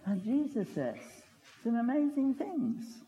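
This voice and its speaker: A man's voice: extremely high pitch, sing-song, a little slow, mellow, dull audio, a little hiss or hum. An older man preaching a sermon in a folksy, chatty way, full of asides and rhetorical questions. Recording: long reverb of a hall.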